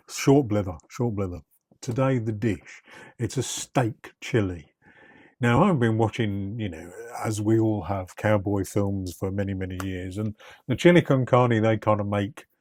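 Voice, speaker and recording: A man's voice: lowish voice, darkish tone. A man hosting his cooking channel from a home kitchen, chatty, rambling and self-deprecating. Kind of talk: casual cooking vlog chat.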